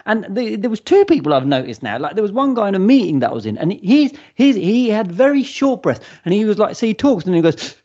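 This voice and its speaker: Lively man, husky and animated. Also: high-pitched, brisk, few pauses. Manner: animated, stammering restarts. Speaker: podcast co-host. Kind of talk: casual chat. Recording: dull lo-fi sound.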